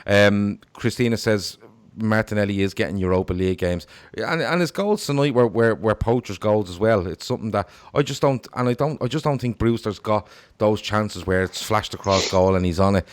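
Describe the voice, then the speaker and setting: A man's voice: lowish voice, moderate pace. A man hosting a casual football podcast, talking animatedly and reading out viewer comments. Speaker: podcast host.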